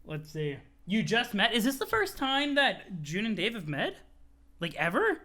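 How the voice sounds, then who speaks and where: Young guy streaming a comic read-along, high bright voice, animated, swears a bunch. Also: unhurried. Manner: animated, swears casually, chats with viewers.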